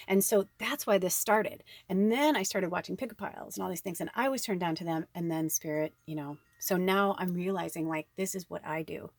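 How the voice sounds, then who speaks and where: A woman's voice: mid-range voice, a little fast, no echo. A woman giving a tarot reading in a rambling, chatty way, swearing casually now and then. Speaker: tarot card reader. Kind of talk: casual spiritual chat.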